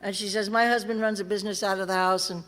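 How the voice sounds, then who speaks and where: A woman's voice: medium pitch, steady tone, quick pace, a bit bright. Blunt, wry woman telling her story. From California. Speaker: recovery meeting speaker. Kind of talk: personal story told to a convention audience. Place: large convention hall. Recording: reverberant convention hall.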